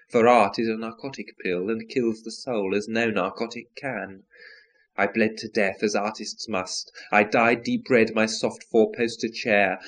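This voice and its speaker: Man declaiming nonsense verse dramatically. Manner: declamatory, swings from loud outbursts to low murmurs. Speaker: reciter. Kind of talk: theatrical nonsense verse recitation.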